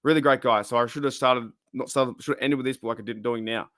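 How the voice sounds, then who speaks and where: A man's voice: medium pitch, fairly even intonation, fast, fairly bright tone, no room sound, studio quality. A young Australian man chatting casually on his channel, rambling off on tangents and chuckling often. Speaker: channel host. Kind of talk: casual live-stream chat.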